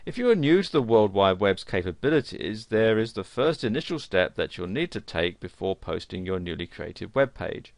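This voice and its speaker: Man, lowish gravelly voice, dry close sound, for tutorial narration. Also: big pitch swings, moderate pace, few pauses, no echo. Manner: plain explanatory delivery with fillers. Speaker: course instructor. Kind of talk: screen-recorded tutorial narration.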